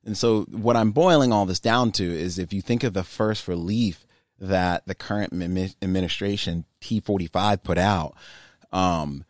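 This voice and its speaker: A man's voice: sits low, moderate pace, no echo, studio quality. A young adult man, a climbing business owner, talking candidly and rambling with many fillers in a casual interview.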